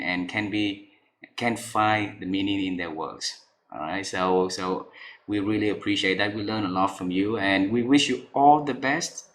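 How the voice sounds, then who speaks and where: A man's voice: fairly low pitch, a bit bright, reverberant. A man hosting an interview, effusive and full of praise, speaking with repeats and restarts. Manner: effusive, repeats and restarts, non-native grammar. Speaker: interview host.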